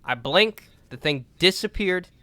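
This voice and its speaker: A young man co-hosting a podcast, telling a story in a lively, casual way with lots of swearing and filler words. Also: high voice, unhurried, dry recording. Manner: animated, swears a lot, says "like" and "dude". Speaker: podcast co-host.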